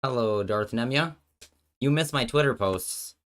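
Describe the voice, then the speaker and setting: A male streamer chatting into a desk mic as he works through card game plays. He jokes back and forth with his chat and thinks out loud, often dropping sentences halfway. His pitch sits in the ordinary middle range for a man. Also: measured pace. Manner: joking with chat, thinking aloud, trailing off mid-sentence. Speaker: streamer and host.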